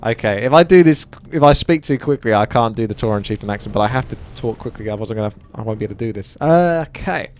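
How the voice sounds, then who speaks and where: A man's voice: on the low side, expressive, fast, few pauses, darkish tone, a little hiss or hum. A man giving casual, chatty gameplay commentary while he plays, joking at himself and reading viewer comments aloud.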